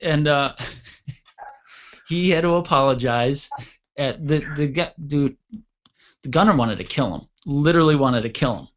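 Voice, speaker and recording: A man with a somewhat high voice spins a long, casual anecdote as a show host, jumping into loud, animated impressions of the people in it. The sound is dull and lo-fi, like a cheap web radio stream. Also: unhurried, long pauses. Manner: animated, acts out quoted voices loudly. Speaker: podcast host. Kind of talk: casual storytelling. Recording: dull lo-fi audio.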